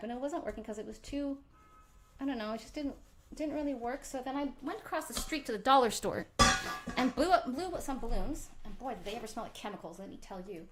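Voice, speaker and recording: A woman teaching a violin workshop, talking through bow technique in an animated way and singing out the strokes she demonstrates. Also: a little high, a little hiss or hum. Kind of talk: live online workshop lesson.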